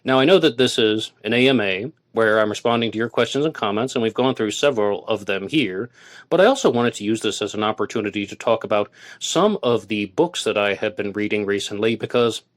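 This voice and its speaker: A man's voice: fairly low pitch, fairly quick. Man hosting a solo podcast. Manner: argumentative, reads quotes aloud and rebuts them. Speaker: podcast host.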